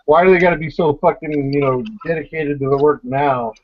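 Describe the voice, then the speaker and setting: A man's voice: on the high side, fairly even intonation, brisk, a little hiss or hum. A man hosting a casual podcast pre-show chat over a voice call, blunt and profane, rambling as he talks. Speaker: podcast host. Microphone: online voice call. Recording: dull lo-fi voice call.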